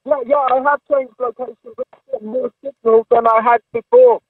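A man's voice: very high-pitched, steady tone, normal speed, dry recording, narrow, tinny audio. A man with an English accent, chatting politely and easily as a guest on a call. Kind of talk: casual chat. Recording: distant dry mic.

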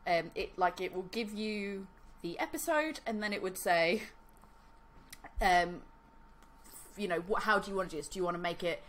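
A woman's voice: medium pitch, moderate pace, pauses often, fairly bright tone. A woman co-hosting a podcast, chatting casually and laughing, with lots of "like" fillers. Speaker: podcast co-host. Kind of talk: casual chat.

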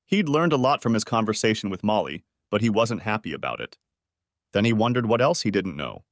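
Male narrator for audiobook reading, steady delivery, lively intonation. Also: on the low side, fairly quick, dry recording, studio quality. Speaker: story narrator.

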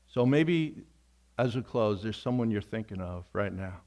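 A man's voice: lowish voice, expressive, a little slow, darkish tone. Earnest man preaching a sermon. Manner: earnest, conversational preaching with repeated phrases. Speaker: pastor. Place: church sanctuary.

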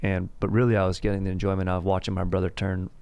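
A man hosts a comedic history podcast. His voice is low and gravelly with plenty of fry. He rambles, swears freely and drops slang constantly. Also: completely flat delivery, racing, darkish tone, no room sound. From Southern California. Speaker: podcast host.

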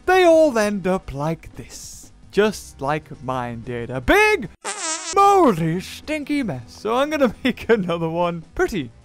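Excitable man commentating his own gameplay, high voice that leaps all over, unhurried between outbursts, game music underneath. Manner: yelps, shouts and laughs at the game. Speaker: gaming video creator. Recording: game music playing behind the voice.

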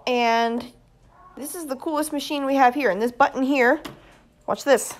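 A woman, vlogging casually at home and excitedly showing things off to her phone camera. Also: high-pitched, normal speed. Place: indoors at home.

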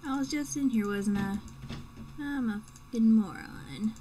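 A young woman narrates her own gameplay in a casual, self-mocking way, swearing freely. Her voice is mellow and sits a little high. She mutters half to herself between remarks. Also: unhurried, slight background noise. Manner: joking, profane, talking to herself. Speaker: let's play gamer. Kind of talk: casual game commentary.

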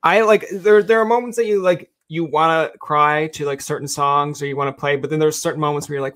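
A man's voice: a little high, steady tone, fairly quick, few pauses, a bit bright. A young man hosting a casual interview, chatty and joking, acting out quotes as he talks. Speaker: host.

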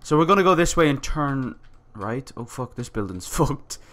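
A man giving let's-play commentary, excitable and swearing often as he reads on-screen text aloud. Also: medium pitch, moderate pace. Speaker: gamer playing a survival game.

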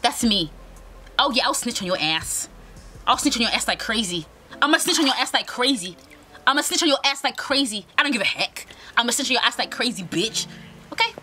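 Young British woman, brash storytime vlogger, high lively voice over background music. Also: brisk. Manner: brash, profane, dramatic storytelling. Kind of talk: storytime vlog rant. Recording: music playing under the voice.

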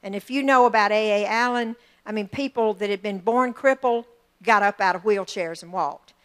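A middle-aged woman pastor, preaching a lively sermon and calling for amens from the congregation. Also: medium pitch, normal speed, smooth. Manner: excitable, lively preaching with call-and-response.

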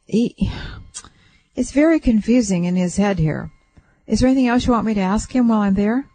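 Woman radio host doing a psychic reading for a caller. Mellow, gentle and reassuring, relays it bit by bit. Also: a little high, brisk, no echo, poor audio. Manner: gentle, reassuring, relays what she senses in layers. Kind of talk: soothing call-in reading. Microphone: radio studio mic.

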